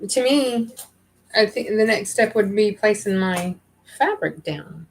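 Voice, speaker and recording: Chatty nervous woman, gravelly. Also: medium pitch, expressive, moderate pace, rough recording. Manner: chatty, rambling, thinking aloud with many fillers. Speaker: livestream host crafting. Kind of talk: casual livestream chat while sewing.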